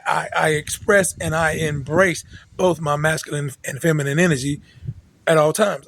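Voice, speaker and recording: Emphatic preachy man, high-ish voice. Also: a little hiss or hum, rough recording. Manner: repetitive, emphatic, with frequent restarts. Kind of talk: preachy direct-address monologue.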